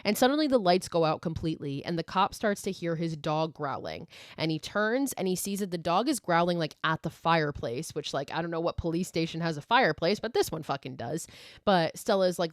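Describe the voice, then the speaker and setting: Woman host with a lower voice, dry and close to the mic; chatty, profane movie recap. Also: lively intonation, normal speed, no echo. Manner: chatty and profane, heavy use of "like". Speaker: podcast host.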